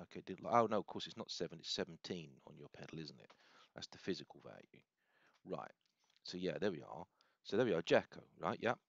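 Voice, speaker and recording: A man casually demonstrating software, rambling and correcting himself as he thinks aloud. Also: sits low, no echo. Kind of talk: casual screen-recorded demo. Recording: dull, slightly lo-fi sound.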